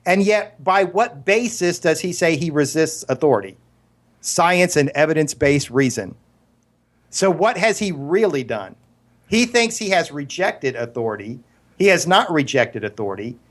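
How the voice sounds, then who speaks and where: A man's voice: fairly high pitch, big pitch swings, normal speed. A man co-hosting a casual podcast, arguing earnestly with stumbling restarts and absurd analogies. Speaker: podcast co-host. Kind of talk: casual argumentative discussion.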